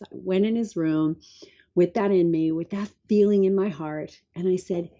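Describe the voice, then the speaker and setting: A woman's voice: lowish voice, brisk, lo-fi sound. Middle-aged woman telling chatty anecdotes. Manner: chatty anecdotes with many fillers, calm guiding tone in exercise. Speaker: guest expert. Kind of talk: conversational storytelling, then guided breathing.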